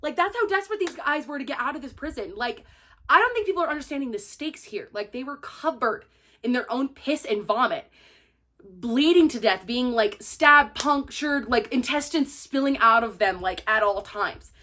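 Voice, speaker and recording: A young woman gushing through a casual, spoiler-filled book review, excitable and full of "like". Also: sits high, normal speed. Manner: gushing, excitable, heavy use of "like".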